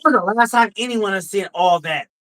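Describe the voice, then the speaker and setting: A drunk man hosting a casual stream, reading viewer comments and arguing loudly, profane and repetitive. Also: sits high, brisk, rough recording. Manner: loud, profane, argumentative, repetitive. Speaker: livestream host.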